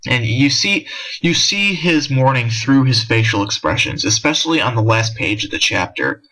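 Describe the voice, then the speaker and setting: A man's voice: mid-range voice, animated, moderate pace, sharp tone, poor audio. A man giving a casual, rambling spoken review of a comic chapter, with frequent restarts and filler words. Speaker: manga discussion vlogger.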